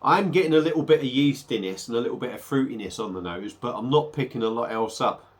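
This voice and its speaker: A man's voice: medium pitch, expressive, quick pace. A man talking casually through a beer review, a little under the weather, rambling with hesitant fillers.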